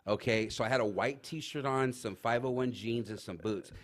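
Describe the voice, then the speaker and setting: A man telling rambling, animated anecdotes in casual chat as a talk show guest, full of fillers. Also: medium pitch, normal speed. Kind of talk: casual storytelling.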